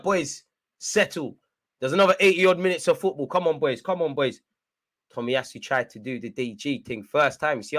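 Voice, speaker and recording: A young man giving live fan commentary on a football match, shouting at the referee and players and urging his team on. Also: medium pitch. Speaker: football watchalong host.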